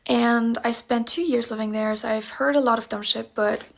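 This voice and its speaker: High gravelly-voiced young woman from Germany. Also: steady tone, normal speed. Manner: amused, incredulous retelling. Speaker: TikTok storyteller. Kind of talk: casual storytelling.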